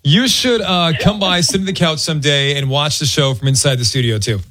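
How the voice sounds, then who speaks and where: A man's voice: a little high, a little fast, pushed and bright. A middle-aged man hosting a radio show, bantering casually and joking with callers and co-hosts. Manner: joking, teasing.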